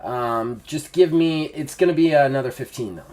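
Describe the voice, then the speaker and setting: A man's voice: mid-range voice, moderate pace, darkish tone. A man running a tabletop role-playing game as game master, chatty, often laughing, with many fillers.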